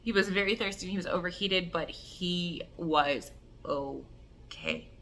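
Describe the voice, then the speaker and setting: A woman telling an emotional personal story in an animated way, acting out the voices and filling her talk with "like". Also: fairly low pitch, unhurried, slight background noise. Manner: animated, acts out voices and cries, many "like" fillers. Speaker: self-love coach telling a personal story.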